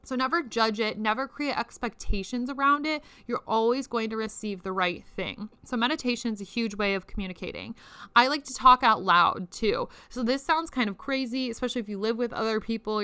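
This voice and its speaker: A bright, crisp woman's voice, recorded dry and close. She talks as a podcast host in a chatty, frank coaching style, swearing freely and laughing often. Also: a little high, brisk, dry recording. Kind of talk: casual spiritual coaching talk.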